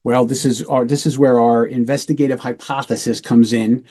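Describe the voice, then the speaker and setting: A middle-aged man with a dark, mellow voice tells a true-crime case in a relaxed, matter-of-fact way. He speaks as a former police lieutenant hosting a talk show and briefly acts out the voices of the people in the story. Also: medium pitch, normal speed. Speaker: retired police lieutenant, podcast host.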